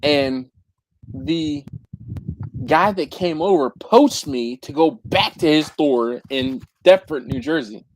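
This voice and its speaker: A man's voice: a little high, big pitch swings, slow, creaky, poor audio. A man from Philadelphia with a Philadelphia accent, telling stories in a casual chat on a live barbecue stream, laughing often and repeating himself.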